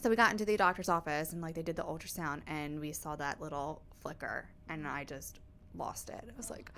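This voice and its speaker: A woman's voice: low-pitched, a little fast, a bit bright, slight background noise. A woman in her thirties, a podcast guest, telling a personal story in casual, emotional chat, full of "like" and "you know". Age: 30s. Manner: emotional storytelling with many likes and you-knows.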